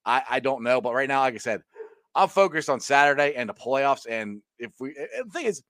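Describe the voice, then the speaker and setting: A man hosting a casual sports talk show, animated and reading viewer comments aloud. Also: mid-range voice, brisk, no room sound, studio quality. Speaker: show host.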